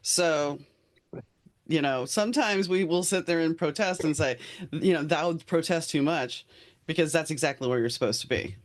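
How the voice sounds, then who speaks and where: Host guy from new orleans, slightly higher voice, asks long rambly questions. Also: normal speed. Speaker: podcast host. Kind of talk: interview questions.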